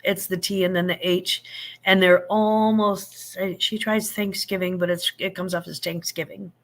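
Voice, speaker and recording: A woman's voice: medium pitch, flat delivery, moderate pace. Chatty woman hosting a live chat. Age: 50s. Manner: chatty and rambling, with frequent fillers and restarts; affectionate, greets viewers with endearments. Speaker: host of a live chat stream. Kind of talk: casual live-stream chat.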